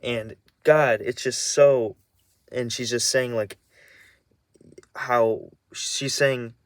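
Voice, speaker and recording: A man's voice: mid-range voice, fairly even intonation, dry recording. A young man venting angrily about his family in a personal vlog, stumbling, restarting and swearing as he talks. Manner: angry, halting, many restarts and swearing. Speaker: vlogger. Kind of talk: emotional personal rant.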